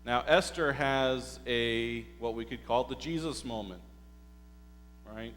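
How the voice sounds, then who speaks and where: A male pastor preaching a sermon, telling the story slowly and deliberately and putting rhetorical questions to the congregation. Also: medium pitch, a bit bright. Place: church sanctuary. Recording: hall reverb with faint mains hum.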